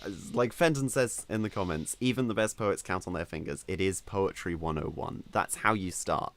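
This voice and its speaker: A man's voice: sits low, normal speed, fairly bright tone. A man co-hosting a casual podcast about writing, giving firm opinions and explaining with emphasis. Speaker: podcast co-host.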